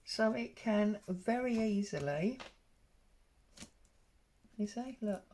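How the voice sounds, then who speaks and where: A woman's voice: medium pitch, animated, slow pace, warm tone, a little hiss or hum. A woman talking casually and rambling as she works on an embroidery project, with plenty of ums. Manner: rambling and chatty, with frequent ums. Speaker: craft vlogger. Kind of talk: casual stitch-along chat.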